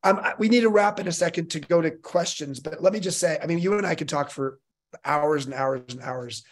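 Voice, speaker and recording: Hosting a live online fireside chat, a man with a slightly high voice stays upbeat and quick to laugh. He drives the conversation forward with brisk announcements.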